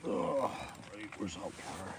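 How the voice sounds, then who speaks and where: A man's voice: low voice, expressive, measured pace, slight background noise. A Northern Irish man livestreaming while fishing outdoors, chatting casually to viewers, swearing freely and calling them mate. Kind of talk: casual chat to live viewers. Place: outdoors by the water.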